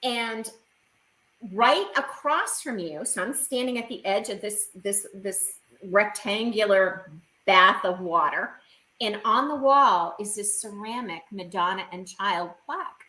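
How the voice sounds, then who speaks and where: A woman's voice: medium pitch, bright, forceful tone, roomy sound, rough recording. A woman guest on a video call, recounting a personal experience in vivid, emotional detail.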